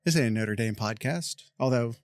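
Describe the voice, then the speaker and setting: A man's voice: medium pitch, normal speed, no room sound, clean studio sound. A man co-hosting a casual podcast, joking and teasing his partner, talking over him at times, on a desk microphone at home. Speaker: podcast co-host. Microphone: desk microphone with noise gate.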